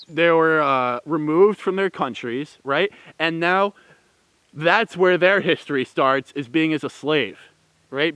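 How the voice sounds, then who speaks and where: Unhurried, smooth-voiced man giving opinions. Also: fairly high pitch, fairly bright tone, no room sound. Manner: rambling and heated, many fillers and restarts. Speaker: vlogger. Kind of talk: opinion commentary.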